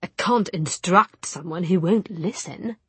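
A woman's voice: on the low side, unhurried, slightly rough, no echo. A woman voicing an impatient, arrogant young man who speaks in a bored, spiteful tone.

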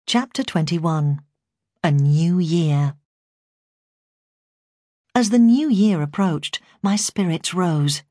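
A woman who is a foster carer narrating her memoir as an audiobook, in a steady, measured way. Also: on the low side, no echo, clean studio sound.

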